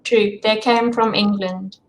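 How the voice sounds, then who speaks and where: A woman's voice: medium pitch, steady tone, takes it slowly, a little hiss or hum, low-quality recording. An older woman, a client in a reading, answering briefly and laughing easily. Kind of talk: casual conversation.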